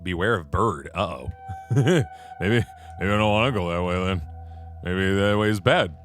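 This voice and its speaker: A man's voice: low-pitched, unhurried. A man streaming a video game, chatting playfully and reacting to what he sees. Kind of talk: let's play commentary. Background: faint game music.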